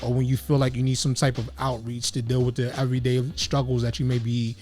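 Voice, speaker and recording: An earnest man hosts a relaxed interview and reflects at length. He speaks at a middle pitch and often leans on "you know". Faint music plays quietly behind him. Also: fast. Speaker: host. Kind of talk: casual interview chat.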